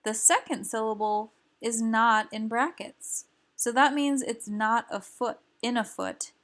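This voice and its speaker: A woman teaching a recorded lesson, explaining slowly and carefully with some fillers. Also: a little high, steady tone, fairly bright tone. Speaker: language teacher.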